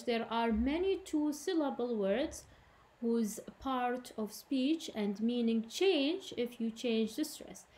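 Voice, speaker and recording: A woman's voice: a little high, darkish tone. Woman teacher. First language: Arabic. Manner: explains in English then repeats in Arabic. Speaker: English teacher. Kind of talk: recorded classroom lesson.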